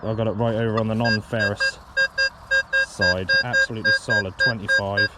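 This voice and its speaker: Out in an open farm field, a man sets up and uses a metal detector, talking casually at a moderate pace in a somewhat low voice with fairly even intonation. His speech rambles with frequent ums and self-corrections, and loud music sounds in the background.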